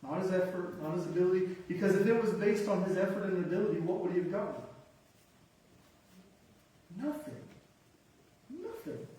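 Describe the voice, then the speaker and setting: A man's voice: sits high, fairly even intonation, quick pace, few pauses, warm tone. A man preaching a sermon, emphatic and conversational, with self-deprecating asides and punchy one-word lists. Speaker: pastor. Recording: echoey hall from far off.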